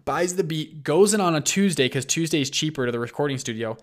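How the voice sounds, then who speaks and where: A man's voice: a little high, a little fast. Man telling a story with energy. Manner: animated, acts out quoted lines, frequent restarts. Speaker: show host. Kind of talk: casual storytelling talk.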